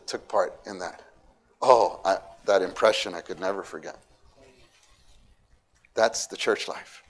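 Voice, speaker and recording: An animated male preacher giving a sermon to a congregation. His volume swings from soft asides to loud, emphatic exhortation. He sits at a middle pitch and breaks into voiced quotes of the people he talks about. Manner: animated, shifts between quiet and loud. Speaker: church speaker.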